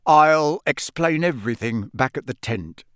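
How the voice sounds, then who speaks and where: A man plays a middle-aged father, quiet, brisk and tense, close to the narrator's own voice. The pitch moves lively and the read is dry and close. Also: no echo. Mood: impatient. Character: tired, kindly middle-aged father, urgent.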